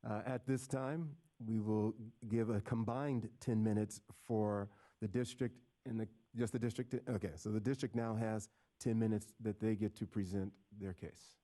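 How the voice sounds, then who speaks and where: A man chairs a public meeting and gives plain, businesslike notes on procedure and time. His voice is low and dark. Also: fairly even intonation, moderate pace.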